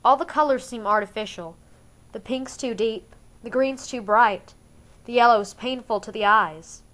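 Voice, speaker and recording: A woman reading a first-person novel aloud for a fan-made audiobook, in a measured, subdued way. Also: on the high side, fairly bright tone. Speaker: audiobook reader.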